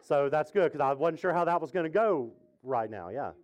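Speaking at normal speed, this man has a fairly high pitch and lively intonation. He's a pastor delivering a joking, casual sermon to his congregation in the church sanctuary, chatty and full of questions for them.

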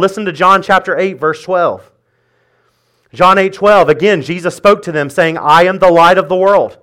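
A man preaching in a church, with a fairly high voice that swings up and down in a lively way. He talks in a casual, joking style and pushes his points hard. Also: moderate pace. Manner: conversational, joking, emphatic preaching. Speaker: pastor. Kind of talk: sermon.

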